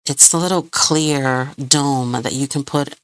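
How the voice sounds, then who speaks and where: A crafting channel host runs a live tutorial, chatting with viewers while she works; she rambles, hunts for words, and laughs often. Her very deep voice is steady and measured, with a clean tone and no echo.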